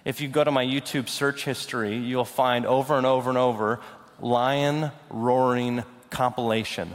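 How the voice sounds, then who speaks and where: A man's voice: mid-range voice, fairly even intonation. Preacher man in a reverberant hall. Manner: dramatic swings from loud declaring to hushed, slow intensity. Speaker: pastor. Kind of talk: sermon.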